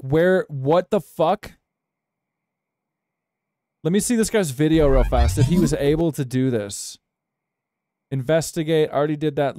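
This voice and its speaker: Live-streaming his gameplay, a young man trades profane, exasperated banter with his chat. He has a rather high voice with a dark tone. The studio-quality audio has no room sound.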